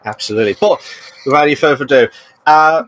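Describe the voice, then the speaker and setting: A man's voice: a little high, quick pace, a bit bright, dry recording, rough recording. A man from Britain co-hosting a casual livestream podcast, laughing at himself and often stopping to restart his sentences. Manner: laughing, self-mocking, stumbling restarts. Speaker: podcast co-host.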